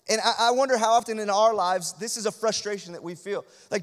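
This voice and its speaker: A man delivers a sermon in a high, lifted voice. He repeats phrases for emphasis and moves between soft, hushed lines and loud, urgent ones. A long church reverb trails after every line. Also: moderate pace. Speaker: pastor. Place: church sanctuary.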